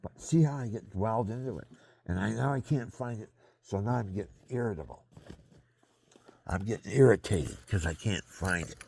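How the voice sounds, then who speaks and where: A man's voice: lowish voice, moderate pace, creaky, a little mellow, husky. An older man talking to camera in a rambling, digressive casual monologue, stretching and catching his breath as he goes. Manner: digressive, drifting between topics. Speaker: vlogger.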